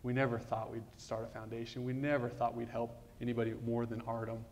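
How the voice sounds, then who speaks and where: A man in his thirties tells a personal story in a flat, even voice. He often restarts his sentences and drops into quiet asides. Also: medium pitch, fairly quick, a little hiss or hum. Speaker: guest speaker.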